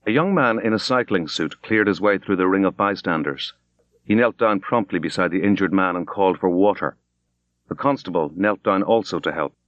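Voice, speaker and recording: Low-voiced man reading measured literary prose. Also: fairly bright tone, no echo, dull audio. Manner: measured, grave, unhurried. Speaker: audiobook reader. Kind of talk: scripted literary narration.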